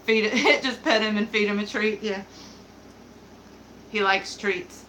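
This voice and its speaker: A giggly woman hosts a laid-back livestream from home, answering her chat at an unhurried pace. Her voice is bright and forward, picked up on a simple computer mic. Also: medium pitch, a little hiss or hum, poor audio. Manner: giggly and chatty, talks to her dog. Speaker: livestream beauty host. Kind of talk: casual livestream chat, reading viewer comments.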